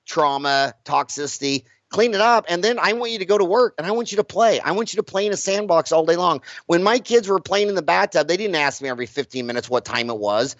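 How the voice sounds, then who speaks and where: A blunt man with a somewhat high voice talks animatedly as a casual interview guest, hammering his points and stumbling on repeated words. The audio is close and dry with no room sound, though dull and lo-fi.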